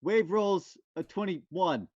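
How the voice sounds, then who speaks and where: High, animated man on a lo-fi mic. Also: slow. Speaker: player. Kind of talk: casual game chat. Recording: dull lo-fi sound.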